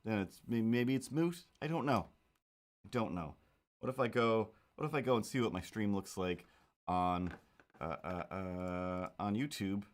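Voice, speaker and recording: A man's voice: fairly low pitch, measured pace. A man chatting casually on a livestream while drawing, rambling with self-mocking, playful asides. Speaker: streamer.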